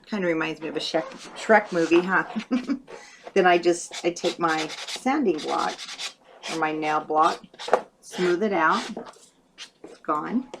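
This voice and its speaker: Unhurried and lowish in pitch, this woman casually explains her paper craft project one step at a time, musing aloud as she goes. She hosts craft tutorials, has hiccups, and the background is noisy.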